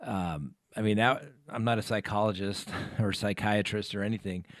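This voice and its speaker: A man hosts an interview in a casual, conversational way, often repeating words as he gathers his thoughts. His voice sits fairly low, and the sound is dry and close. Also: fairly even intonation, normal speed, no room sound. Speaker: host, trial attorney.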